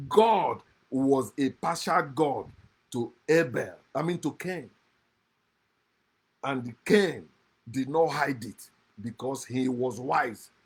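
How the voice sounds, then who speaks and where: Husky high-voiced man ranting. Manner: preachy and mocking, swings from loud outbursts to low muttered asides. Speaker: online speaker critiquing scripture. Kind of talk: passionate monologue reading and critiquing scripture.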